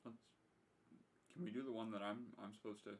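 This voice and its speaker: A man with a lowish voice chats on a livestream with a dry, unhurried manner. He reads jokes aloud in a deadpan way. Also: husky. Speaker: livestream co-host. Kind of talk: casual livestream chat.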